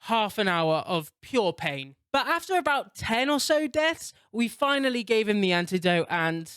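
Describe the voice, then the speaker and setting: A man doing excitable, sweary gameplay commentary and narration, laughing often. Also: sits high, normal speed, clean tone, no echo, clean studio sound. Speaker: gaming YouTuber.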